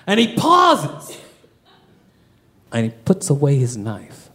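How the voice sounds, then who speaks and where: Male stand-up storyteller, lively swooping pitch, unhurried, profane, laughing as he goes. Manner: animated, profane, often laughing through lines. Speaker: comedian.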